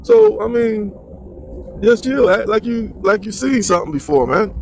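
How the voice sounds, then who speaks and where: A man's voice: high voice, huge pitch swings, normal speed, gravelly, slight background noise. A man giving slangy, rambling solo commentary on the news.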